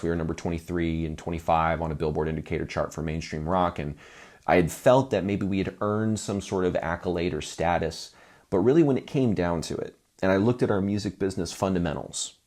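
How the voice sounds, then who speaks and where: A man with a low voice gives a casual video lesson to musicians. His tone is a bit husky, and he talks conversationally, with self-deprecating asides. He often tags his points with "right?". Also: darkish tone. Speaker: music business coach. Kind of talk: talking-head video lesson.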